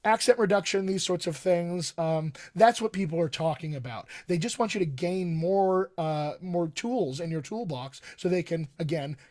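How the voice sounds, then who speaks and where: A man's voice: high voice, normal speed, few pauses, darkish tone, dry recording. Dry-sounding man coaching on a live stream. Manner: conversational, many fillers and restarts. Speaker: dialect coach.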